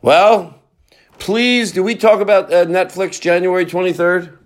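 A man's voice: high voice, steady tone, unhurried. A man hosting a comedy podcast, rambling and repeating lines for laughs. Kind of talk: rambling comic monologue.

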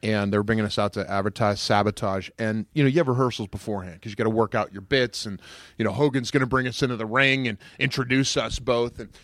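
A man guesting on a podcast, telling animated stories in casual chat and jumping into loud put-on voices. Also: lowish voice, fast, no echo, studio quality.

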